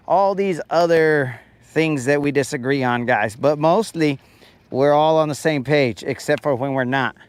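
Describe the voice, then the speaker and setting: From a boat on a lake, a man hosts a fishing podcast as a casual livestream, rambling and ranting jokingly while calling his listeners bro. His voice is medium-pitched and clean, with no echo.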